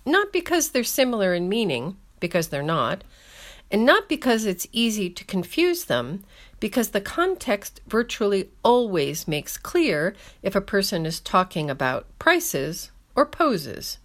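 A woman's voice: medium pitch, sing-song, unhurried. A woman hosting a scripted language lesson with wry, dry humor, speaking English as her first language. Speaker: language column host.

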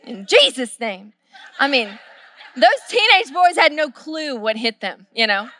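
High bright-voiced woman pastor preaching. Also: sing-song, unhurried. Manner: storytelling, swings from hushed to shouting. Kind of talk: sermon.

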